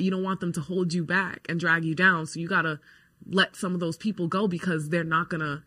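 A woman's voice: on the low side, a bit bright. A young woman hosting a faith show, earnestly telling a personal testimony with many fillers. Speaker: host.

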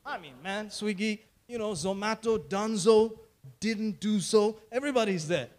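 High-voiced preacher, repetitive cadence. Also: male voice, moderate pace. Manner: preacherly, repeats phrases, calls for amens. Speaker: pastor. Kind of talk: sermon.

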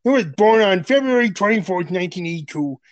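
A man's voice: high-pitched, expressive, a little fast, no room sound, lo-fi sound. Crude, joking podcast guy, dry sound. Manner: crude, joking, laughs often. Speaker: podcast co-host. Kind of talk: casual chat.

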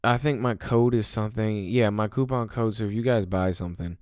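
Young man, low voice, dry sound, casual rambling, crude jokes, self-mocking. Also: steady tone, fairly quick, darkish tone, smooth, no room sound. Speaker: vlogger.

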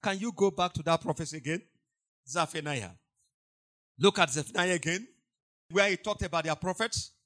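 A man preaching a sermon, emphatic and repetitive, moving between quiet asides and loud cries. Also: on the high side, normal speed, pauses often.

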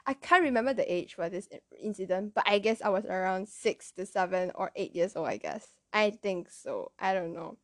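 A woman's voice: mid-range voice, lively intonation, normal speed, hardly any pauses, a bit bright, dry recording. A young woman with a Malaysian English accent, chatting casually and rambling through childhood stories with frequent self-amused laughs. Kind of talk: casual storytelling.

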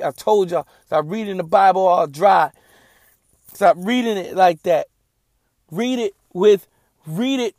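A man with a high voice preaches through scripture with fiery conviction, swinging between sarcasm and passion. His sound is close and dry, with no room around it. He talks like a Bible teacher on his own show. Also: a little mellow, dry recording. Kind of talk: impassioned Bible study.

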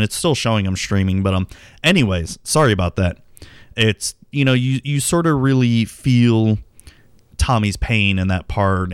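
Low, smooth-voiced rambling streamer guy. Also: no room sound. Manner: rambling, profane, self-correcting. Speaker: streamer and podcast host. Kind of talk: casual livestream chat.

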